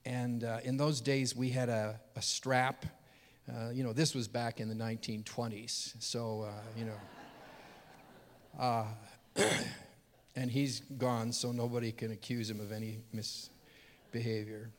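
Guy preaching a sermon, middle-pitched voice, goes quiet then way up loud when it gets emotional, big echoey hall. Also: flat delivery, measured pace. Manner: earnest, swings from hushed to loud and high when moved. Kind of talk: sermon storytelling. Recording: reverberant hall.

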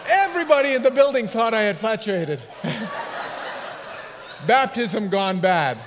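A man's voice: high voice, lively intonation, takes it slowly, background noise. A middle-aged man, a pastor, preaching a sermon through funny anecdotes and laughing at his own stories. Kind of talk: humorous sermon storytelling. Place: church sanctuary. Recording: long hall reverb.

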